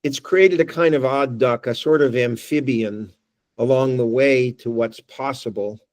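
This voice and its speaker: Measured and a little mellow, his medium-pitched voice carries no room sound. He's a guest speaker at a working group meeting, musing aloud through a presentation with discussion, dropping wry remarks and frequently starting phrases over.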